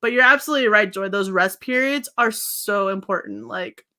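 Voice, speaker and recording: A woman's voice: medium pitch, normal speed, pushed and bright. A young woman hosting a casual beauty livestream, rambling effusively to her viewers and laughing often.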